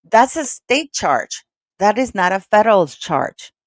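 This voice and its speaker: Chatty, excitable woman on a call-in panel. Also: medium pitch, unhurried, no room sound, clean studio sound. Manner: chatty, excitable, many restarts and fillers. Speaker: regular panelist. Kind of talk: casual live call-in chat.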